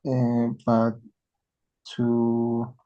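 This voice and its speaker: A man's voice: medium pitch, monotone, extremely slow, mellow, muffled recording. A man who is a native Spanish speaker, a student in an English class, asking questions and searching for words.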